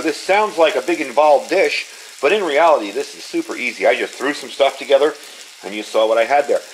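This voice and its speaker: A man's voice: medium pitch, a little hiss or hum. A man in his fifties chatting casually as he walks through a cooking demonstration. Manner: chatty, relaxed, talks while cooking. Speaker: home cook.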